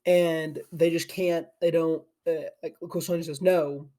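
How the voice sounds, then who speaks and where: A young man recorded at his desk, in a slightly high voice. He talks in a loose, sleepy ramble, and his thoughts keep looping back on themselves. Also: flat delivery, unhurried, warm tone. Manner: loose and chatty, full of "like" and restarts. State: sleepy and yawning. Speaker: anime channel host. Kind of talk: casual rambling retelling. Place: home desk with a camera.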